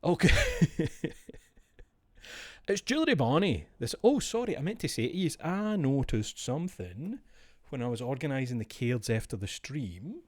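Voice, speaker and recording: A man's voice: mid-range voice, sing-song, moderate pace, darkish tone, no echo. A man streaming, chatting casually in a rambling, profane, jokey way.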